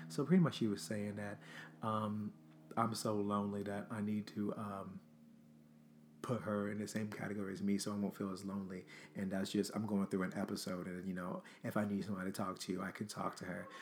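Chatty man telling a story. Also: fairly low pitch. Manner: chatty, animated, lots of filler words and swearing. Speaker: podcast host. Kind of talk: casual storytelling.

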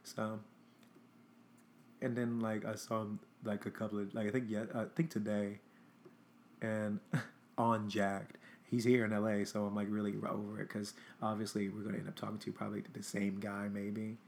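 A young man hosts his own show, telling a dating story in a casual monologue that's chatty, blunt, and profane, playing both sides of a text exchange. His voice is fairly low, creaky, and darkish, with a level tone and moderate pace, plus a little hiss or hum.

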